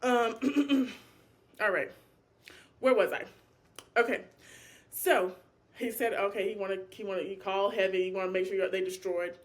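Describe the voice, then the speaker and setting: At a moderate pace with long pauses, a medium-pitched woman leads an informal Bible study. Passionate and lively, she acts out prayers and dialogue and speaks to her audience in a familiar, colloquial way, calling them "y'all."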